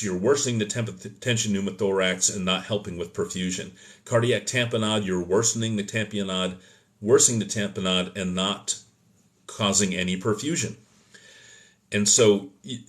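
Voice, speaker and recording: A man hosting a live stream, answering viewer questions in an opinionated teaching tone and often correcting himself mid-sentence. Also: on the low side. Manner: loose, self-correcting delivery with fillers. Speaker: host of an emergency medicine live stream.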